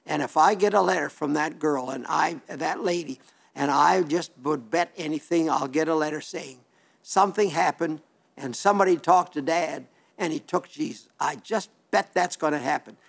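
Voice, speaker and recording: A man's voice: on the high side, normal speed, vocal fry. An older man from South Dakota, a radio preacher reading listener letters and giving a plainspoken, folksy sermon that rambles with restarts.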